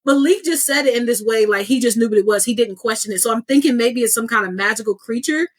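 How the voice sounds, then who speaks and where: Brief: female book podcast co-host, enthusiastic, slightly high voice. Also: fast talker. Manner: enthusiastic, expressive reader's reactions. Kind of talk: casual book discussion.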